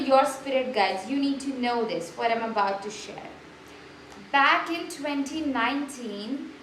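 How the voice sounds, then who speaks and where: Chatty spiritual vlog host, a woman with a high bright voice, effusive, echoey room. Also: a little hiss or hum. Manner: chatty and effusive, many fillers and restarts. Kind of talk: casual spiritual vlog talk.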